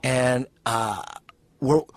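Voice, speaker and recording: A man hosting a podcast, telling an excited, profane story in casual chat. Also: medium pitch, very slow. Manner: excited, profane, acts out quoted voices. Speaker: podcast host.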